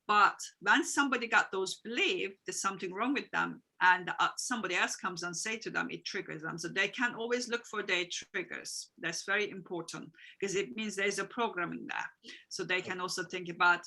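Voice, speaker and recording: A woman's voice: mid-range voice, lively intonation, a little fast, gravelly, sharp tone, poor audio. A woman coaching guest on a video call, explaining earnestly in long, repetitive sentences with small grammar slips. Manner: earnest, explanatory, repeats phrases, non-native grammar. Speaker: guest, emotional wellbeing coach. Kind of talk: interview answers.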